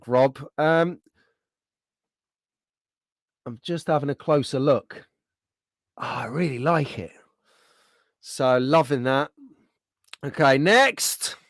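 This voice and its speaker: A man's voice: medium pitch, no echo. A man hosting a casual livestream, chatting in a friendly way and reading out viewer comments. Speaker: livestream host.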